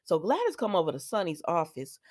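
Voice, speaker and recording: Chatty woman with a low voice. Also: huge pitch swings, brisk, a little mellow, no room sound, clean studio sound. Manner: chatty, digressive, talks back to the characters. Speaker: soap opera recap vlogger. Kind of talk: casual spoken recap.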